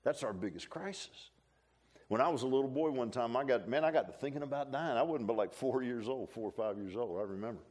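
An older man preaching a folksy, animated sermon, full of restarts and asides like "huh?". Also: medium pitch, fast, slightly rough.

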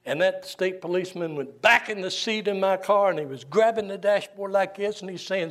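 An older man, a Baptist pastor preaching a sermon and telling folksy, animated stories. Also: high-pitched, brisk, hardly any pauses. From Southern US. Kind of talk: sermon with storytelling.

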